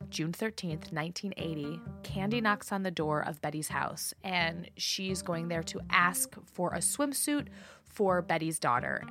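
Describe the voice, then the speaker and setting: A woman co-hosting a podcast, steadily retelling a true-crime case step by step. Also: on the low side. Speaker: podcast co-host.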